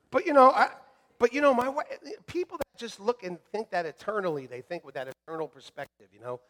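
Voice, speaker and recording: A middle-aged male pastor preaching a sermon in church, joking and animated, swinging from shouting to hushed. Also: high-pitched, brisk. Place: church sanctuary.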